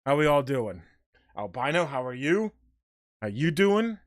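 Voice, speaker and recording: Slow-talking man chatting while he paints. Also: mid-range voice, big pitch swings. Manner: rambling, talks while working, greets chat by name. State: out of breath. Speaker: livestream host painting figures. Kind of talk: casual livestream chat.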